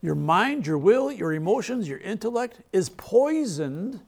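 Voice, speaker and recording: Lively gravelly-voiced man preaching. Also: high-pitched, unhurried. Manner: conversational preaching with laughs and rhetorical questions. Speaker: pastor. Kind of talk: sermon.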